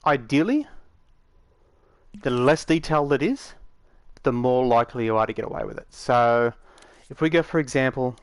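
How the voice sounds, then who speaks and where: A man's voice: medium pitch, lively intonation, normal speed, no room sound. Casual rambling man talking over a tutorial. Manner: rambling, matter-of-fact, with frequent fillers. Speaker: game tutorial maker. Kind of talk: casual screen-recorded tutorial.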